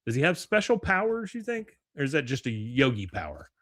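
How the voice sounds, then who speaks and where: A man's voice: medium pitch, very animated, fairly quick, a bit bright, no room sound, clean studio sound. Rambling man recapping a cartoon episode. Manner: loose, rambling, with frequent uh fillers and crude jokes. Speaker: podcast host.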